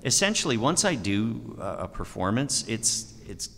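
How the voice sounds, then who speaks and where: A middle-aged man answers audience questions at a convention panel. He talks with a very animated pitch, pokes fun at himself and laughs easily. The sound rings with the long reverb of a large hall. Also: normal speed. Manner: self-deprecating, laughs often, acts out quoted remarks. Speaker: voice actor panel guest. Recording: echoey hall.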